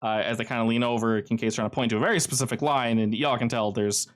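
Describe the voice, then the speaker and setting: A man narrating as game master in a casual, animated storytelling manner. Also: medium pitch, quick pace.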